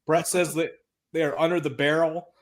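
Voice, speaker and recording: A man's voice: fairly high pitch, little pitch movement, normal speed. A man co-hosting a wrestling podcast, recapping an old episode in a blunt, exasperated, often profane way. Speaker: podcast co-host. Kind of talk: casual chat recapping wrestling.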